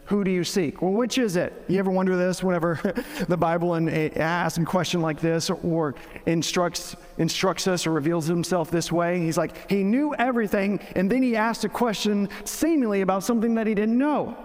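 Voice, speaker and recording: A man's voice: sits high, moderate pace, in a large hall. A man preaching a sermon in a casual, joking way, often restarting his sentences. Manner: conversational, joking, with frequent restarts. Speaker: pastor.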